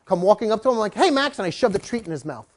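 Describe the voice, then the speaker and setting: Animated woman dog trainer with a lively pitch. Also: racing. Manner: animated, jokey, acts out voices of people and dogs. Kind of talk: live talk to an audience.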